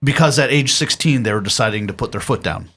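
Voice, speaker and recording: A man's voice: medium pitch, fast talker, husky. A man in his forties who leads church youth ministry, telling stories and giving earnest parenting advice as a podcast guest, chuckling often. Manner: earnest storyteller, chuckles often, steady pastoral tone. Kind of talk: casual parenting advice chat.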